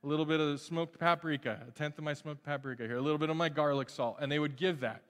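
A man preaching a sermon as a pastor in a lively, joking way, often restarting his phrases. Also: on the high side, fast. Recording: long hall reverb.

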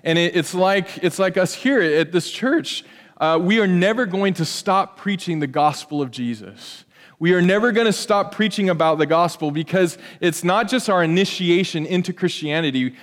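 Pastor, conversational sermon style, fairly high voice, long hall echo. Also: male voice, moderate pace. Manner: earnest, conversational preaching with many restarts.

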